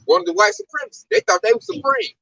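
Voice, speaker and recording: A man's voice: very high voice, fast, vocal fry, no room sound, lo-fi sound. A man talking in a casual religious discussion, emphatic and slangy, telling stories with lots of energy. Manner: emphatic, slangy, animated storytelling. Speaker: discussion speaker. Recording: distant mic, dry sound.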